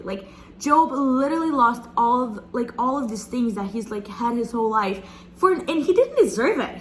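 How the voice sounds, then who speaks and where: A woman's voice: a little high, slight background noise, poor audio. Young woman in chatty devotional talk. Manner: chatty, animated, addresses viewers as "guys". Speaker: speaker sharing a Bible reflection.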